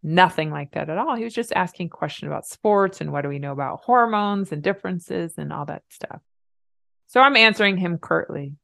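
A middle-aged woman, a podcast co-host, telling a personal story in an emotional, animated way. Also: fairly low pitch, fairly quick, gravelly, no echo, studio quality. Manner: emotional, animated retelling with laughs.

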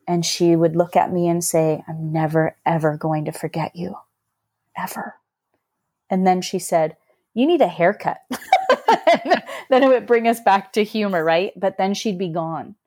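A woman's voice: lowish voice, darkish tone, no room sound, clean studio sound. Earnest woman telling a personal story. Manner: earnest, reflective, emotional storytelling. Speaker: podcast guest.

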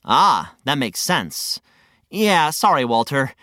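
A woman voicing a friendly, patient male guide who gently explains things. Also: rumbling low, sing-song, slow pace, no room sound, clean studio sound, heavily acted. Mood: gentle.

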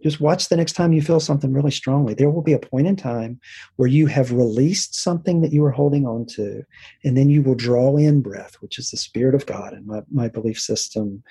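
A man's voice: medium pitch, fairly quick, gravelly, breathy edge. A middle-aged man, a therapist, speaking reflectively in a conversational interview, often checking in with "right?". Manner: reflective, warm-hearted, frequent "right?" and restarts.

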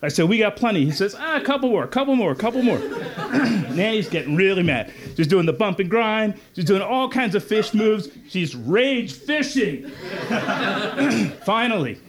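A man with a high voice tells a comic fishing tale on a festival stage. He is animated and punchy, and he acts out the people in his story. The delivery is loose and lively. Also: a little slow, a crowd in the background. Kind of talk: live comedic storytelling. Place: festival stage before an audience.

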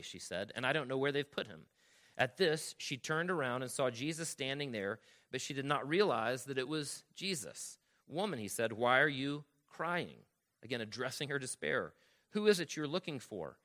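A male pastor delivering a sermon with a bright, forward tone and a medium pitch. He teaches earnestly, reads scripture aloud, and keeps checking in with his listeners as he explains each point. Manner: reads scripture aloud, slowing on key lines.

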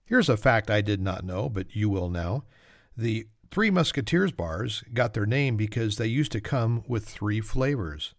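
Joking lower-voiced man hosting trivia. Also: very animated, measured pace, faint music behind. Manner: joking, self-mocking asides. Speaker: podcast host. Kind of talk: solo trivia podcast.

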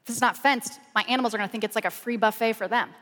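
Animated woman pastor in a hall. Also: on the high side, racing. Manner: animated, colloquial storytelling with "y'all". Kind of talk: storytelling sermon. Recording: long hall reverb.

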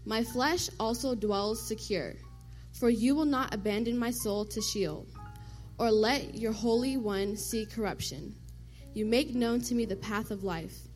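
A woman reading a scripture passage in a church in a measured, formal way, then offering a short blessing. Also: a little high, a little mellow, faint music behind.

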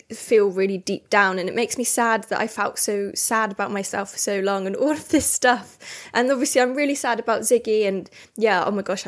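A young adult woman hosting her own podcast, telling a personal story alone in a candid, rambling way, acting out her own thoughts and the voices of others. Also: medium pitch. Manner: candid, rambling storytelling with self-talk and restarts. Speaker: podcast host. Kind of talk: solo confessional podcast chat.

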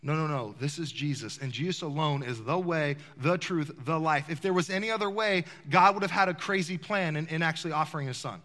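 A high, bright male voice preaching, throwing questions out to his congregation. The hall behind him rings with a long reverb. His delivery is animated and direct. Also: brisk, few pauses. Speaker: pastor. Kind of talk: sermon. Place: large church hall.

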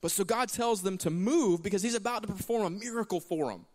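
A man's voice: high-pitched, animated, fairly quick, long reverb tail. A man preaching a sermon as pastor, telling stories with animation and acting out the lines he quotes. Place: church sanctuary.

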